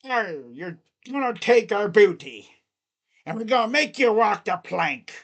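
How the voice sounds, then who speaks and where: A man doing a gruff pirate guarding his treasure, growling threats in a slow, drawn-out voice and throwing arrs around. It is a rough, playful put-on pirate growl. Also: high-pitched, sing-song, voice pushed up, exaggerated voice. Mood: menacing.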